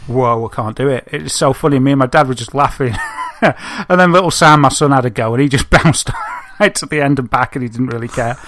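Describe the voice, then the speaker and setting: A man, co-hosting a podcast and telling an animated story, laughing often. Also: mid-range voice, fairly quick. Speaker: podcast co-host. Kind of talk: casual chat, telling an anecdote.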